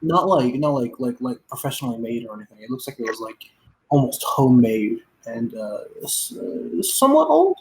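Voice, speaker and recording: A woman's voice: a bass voice, big pitch swings, moderate pace, a little mellow, slight background noise, poor audio. A woman running a tabletop game as game master, narrating casually with lots of ums and likes. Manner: casual, filler-heavy narration with many "um" and "like".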